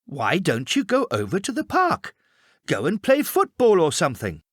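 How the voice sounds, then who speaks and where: A man's voice: fairly high pitch, huge pitch swings, moderate pace, slightly rough, no echo, studio quality, pitched above the performer's own voice, full character voice. A man voicing an exasperated mother who nags her son to go outside. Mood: coaxing. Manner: coaxing, exasperated.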